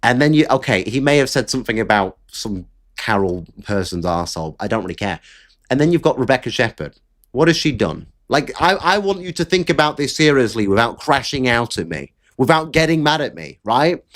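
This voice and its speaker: Blunt, lively political commentator man. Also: mid-range voice, a little fast. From Britain. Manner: blunt, exasperated, sweary.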